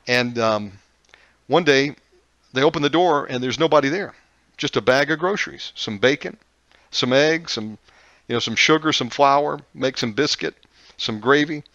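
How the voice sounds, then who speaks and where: A man's voice: medium pitch, normal speed, a bit bright, no echo. Rambling male TV host, dull dry sound. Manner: rambling, many fillers and restarts, chuckling. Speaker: show host. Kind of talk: casual storytelling.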